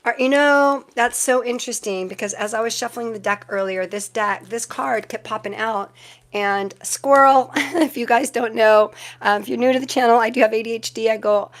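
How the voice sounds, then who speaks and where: A woman with a slightly high-pitched voice runs a relaxed live stream, talking straight to her chat. She rambles from one thought to the next and keeps breaking into laughter between remarks. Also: fairly quick, hardly any pauses. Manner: chatty and rambling, laughs often. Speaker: tarot reader live streamer.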